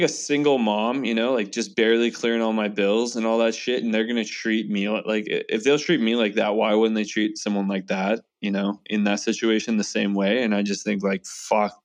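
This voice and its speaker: A young man with a lowish voice tells a heated story among friends. He swears constantly and acts out every side of the argument. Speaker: storyteller in a casual chat. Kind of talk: casual chat.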